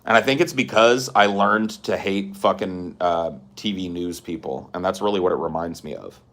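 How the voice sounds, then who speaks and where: A man's voice: sits low, moderate pace, fairly bright tone. A man hosting a podcast, ranting in a profane, exasperated, slangy way. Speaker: podcast host. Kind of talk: casual podcast rant.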